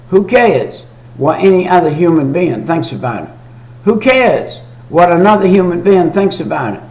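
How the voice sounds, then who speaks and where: Guy preaching a homemade sermon, kinda high voice, folksy and repeats himself a lot, roomy echo. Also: a little mellow. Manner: folksy, repetitive preaching with slow read-aloud scripture. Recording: echoey room.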